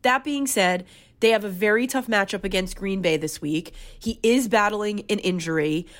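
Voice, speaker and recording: A young woman co-hosts a casual fantasy football chat, firing off emphatic, animated opinions. Her voice sits at an everyday middle pitch. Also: moderate pace. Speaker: fantasy football podcast co-host.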